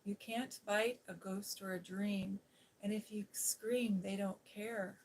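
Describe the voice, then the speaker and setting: A woman voicing a sullen, sickly little boy in a storybook, keeping close to her own soft voice. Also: medium pitch, fairly even intonation, slow pace, a little hiss or hum, poor audio. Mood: resentful.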